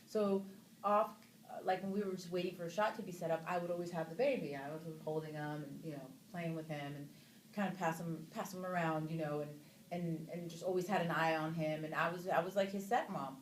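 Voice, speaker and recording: An actress in her thirties, lively and low-voiced, chats a little fast at a casual press junket interview about a film, telling anecdotes full of fillers and sudden high squeals of mock surprise. The room echoes, with faint noise in the background.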